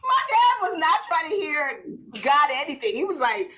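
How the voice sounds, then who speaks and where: An author and comedian in her thirties tells stories with animation during a conversation, keeping a moderate pace. Whenever she quotes someone, she plays the part with large shifts in pitch.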